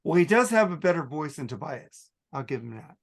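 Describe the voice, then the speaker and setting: High-pitched gravelly man, outspoken. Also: sing-song, a little fast. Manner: outspoken and opinionated, laughs often. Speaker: podcast co-host. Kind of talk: casual chat about music.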